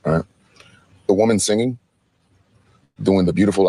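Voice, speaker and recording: A man's voice: sits low, moderate pace, darkish tone, husky, no echo. A man commenting mockingly and acting out quotes in a sing-song voice. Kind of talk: casual commentary.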